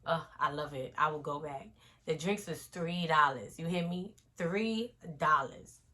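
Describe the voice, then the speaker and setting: Animated young New woman. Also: low-pitched, measured pace, a little hiss or hum. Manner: animated, talks straight to viewers. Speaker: storyteller. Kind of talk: casual storytime vlog.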